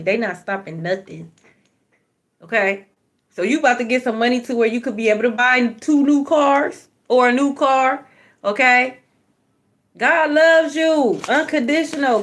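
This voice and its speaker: Woman card reader, higher voice, blunt, preachy, profane, repeats lines for punch. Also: fairly bright tone. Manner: repeats phrases for emphasis. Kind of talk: spiritual card reading monologue.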